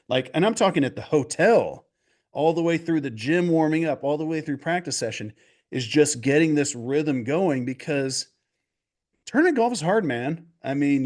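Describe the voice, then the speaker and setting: A man guest on a video call interview, telling stories in a casual, animated way and acting out quotes. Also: on the high side. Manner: animated, restarts and acts out quotes. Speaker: golf coach guest.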